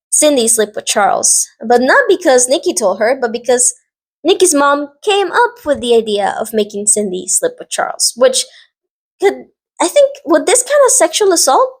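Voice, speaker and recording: A young adult woman casually recapping a show, rambling with lots of fillers and sassy asides. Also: high-pitched. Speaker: vlogger recapping a drama series.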